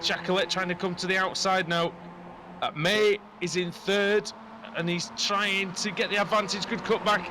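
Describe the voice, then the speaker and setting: Excitable high-voiced male race commentator. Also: normal speed, music in the background. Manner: excitable, rising sharply at incidents. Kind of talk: sim racing commentary.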